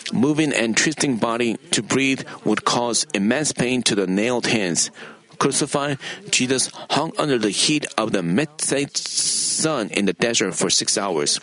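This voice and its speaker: A man preaching an earnest sermon in a measured way, quoting scripture to his congregation. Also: mid-range voice, animated, fairly bright tone, poor audio.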